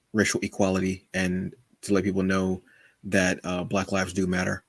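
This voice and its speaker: A man's voice: sits low, dry recording. A man co-hosting a podcast in casual chat, playful and joking, often calling his co-host "brother". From United States.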